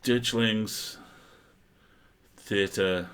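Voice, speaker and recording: A man chatting casually while co-playing a horror visual novel on a stream, giving short agreeing replies and dry quick asides. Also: fairly low pitch, steady tone, fairly bright tone, clean tone. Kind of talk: casual let's-play chat.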